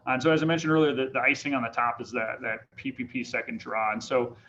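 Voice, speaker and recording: A man's voice: medium pitch, little pitch movement, quick pace, sharp tone, a little hiss or hum. A man presenting on a business webinar, rambling with many fillers and restarts. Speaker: franchise company president. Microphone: video call. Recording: dull lo-fi webinar audio.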